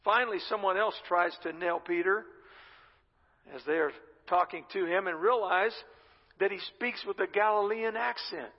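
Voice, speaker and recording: At a moderate pace, a pastor shares scripture as an easygoing story during his sermon. The recording is somewhat muffled and dull, with his high, husky, gravelly voice echoing through a church hall in a long reverb.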